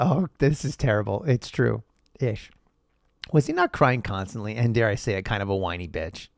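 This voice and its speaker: A man's voice: fairly low pitch, sing-song, normal speed, vocal fry, no room sound, clean studio sound. A man hosting a podcast, reading old texts aloud and riffing on them in a profane, sarcastic, rambling way. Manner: profane, sarcastic, rambling, laughs at own jokes. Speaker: podcast host.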